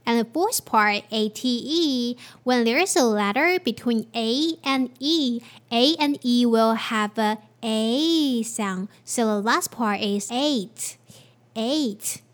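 A woman hosting a pronunciation lesson, spelling out letters and repeating each word slowly and clearly. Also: fairly high pitch. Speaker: pronunciation teacher and host. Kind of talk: slow, careful pronunciation lesson.

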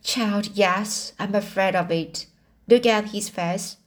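A woman reading the part of a kindly older village woman who speaks gently and sorrowfully. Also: medium pitch, slow, natural voice. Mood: grave.

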